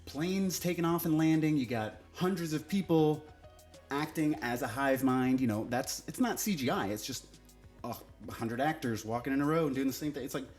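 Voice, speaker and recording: A man's voice: on the high side, normal speed, a little mellow, soft background music. A man giving a casual, sarcastic and exasperated TV review, swearing now and then.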